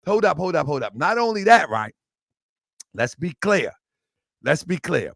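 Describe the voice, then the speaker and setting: A man hosting a livestream show, talking casually and excitably to viewers, repeating himself and laughing often. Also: a little high, a little slow, creaky, no echo, clean studio sound.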